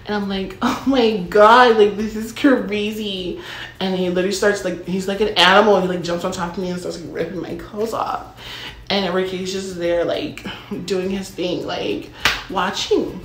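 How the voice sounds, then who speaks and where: A woman's voice: lowish voice, level tone, moderate pace. A young woman telling a casual storytime monologue, chatty and full of filler words and dramatic asides. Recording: roomy echo.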